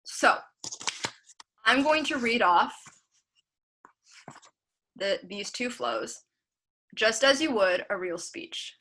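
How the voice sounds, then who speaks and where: Bright, high young woman teaching debate. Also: lively intonation. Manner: brisk drill-like listing, then checks in with students. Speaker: debate camp instructor. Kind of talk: online lecture, reading a practice speech aloud.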